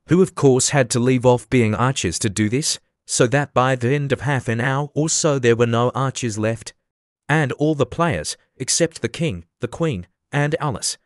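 A man narrating a classic storybook audiobook in a measured, even way. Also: medium pitch, no room sound. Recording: dry close studio sound.

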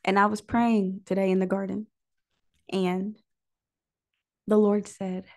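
A woman hosting a prayer livestream, preaching in an emotional, near-tearful way and pausing often to listen. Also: medium pitch, little pitch movement, a little mellow. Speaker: host of a prayer call livestream. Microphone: livestream microphone.

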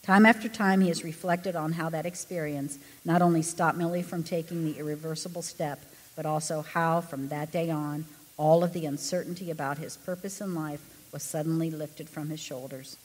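A woman reading a true story aloud to a congregation, with expressive storytelling. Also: low-pitched, normal speed. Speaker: pastor's wife reading a story. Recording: echoey hall.

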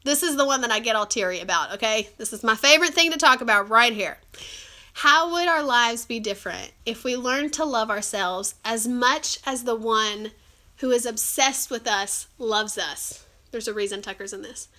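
Hosting an encouraging live stream on a phone or webcam, a woman with a cold chats earnestly with many fillers. She speaks at a moderate pace in a pushed, bright voice on the high side.

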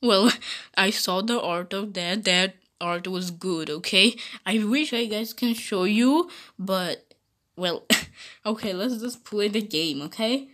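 A woman's voice: medium pitch, sharp tone. A woman playing through a mobile game while voicing bickering cartoon characters, often giggling. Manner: giggly, bickering, slow-spoken. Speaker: game video maker voicing her characters. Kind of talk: playful role-play over gameplay.

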